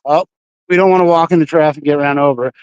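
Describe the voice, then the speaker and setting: A man's voice: on the high side, fast talker, clean tone, no room sound, lo-fi sound. A man livestreaming while walking city streets at night, chatting casually in a rambling, profane way full of fillers.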